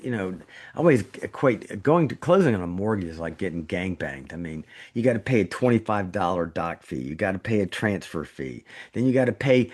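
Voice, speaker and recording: A middle-aged man, a surgeon co-hosting a podcast, telling a story in casual chat, his voice jumping up when he gets indignant. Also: lowish voice. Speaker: trauma surgeon, podcast co-host.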